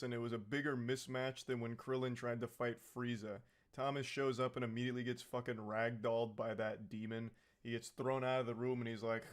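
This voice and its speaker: A man of middle pitch recaps a film in a loose, comedic way. He rambles with lots of "like" and curses freely. His tone stays sarcastic and mocking throughout. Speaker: movie recap commentator. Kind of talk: casual comedic movie recap.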